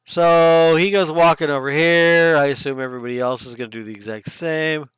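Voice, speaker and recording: Game master guy, laid back and rambly, crisp voice. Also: fairly high pitch, fairly even intonation, fairly quick, a bit bright, dry recording, clean studio sound. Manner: casual, rambling with fillers. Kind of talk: narrating a tabletop game.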